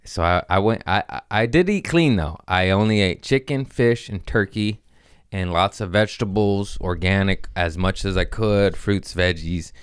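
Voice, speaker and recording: A man in his thirties rambles through a comedic monologue, bouncing between tangents and teasing himself whenever he loses the thread. His voice sits on the low side. The sound is close and dry, with no room echo. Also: normal speed, clear, resonant tone. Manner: jumpy, self-mocking, scatterbrained. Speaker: podcast host.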